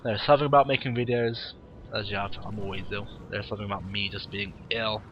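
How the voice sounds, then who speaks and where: A man with a cold, casually commentating a game replay in a warm room at home with wry, rambling asides. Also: lowish voice, fairly even intonation, fast, dull audio, slight background noise. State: has a cold, sniffly.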